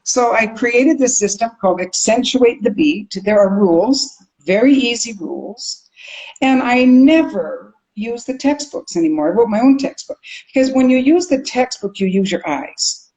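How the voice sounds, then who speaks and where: An older woman from Canada, a communication teacher, telling stories in an interview in an expressive way, sounding out rhythms as she goes. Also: on the high side, normal speed, poor audio. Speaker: accent coach and communication teacher. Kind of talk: animated interview storytelling.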